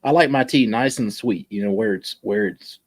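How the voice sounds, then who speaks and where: A man's voice: lowish voice, moderate pace, breathy edge. A man co-hosting a casual chat, bantering playfully.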